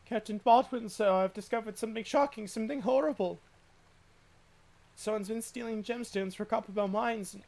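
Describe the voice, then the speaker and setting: A man's voice: high-pitched, a little fast, few pauses, voice pushed up. A man voicing an earnest young male guard who reports a crime and pleads with his captain, reading game dialogue aloud. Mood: alarmed.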